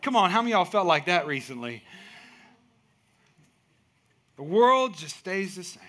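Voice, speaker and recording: A man's voice: very high-pitched, animated, fairly quick, fairly bright tone. A middle-aged male pastor preaching a sermon, telling stories with rising, emphatic outbursts.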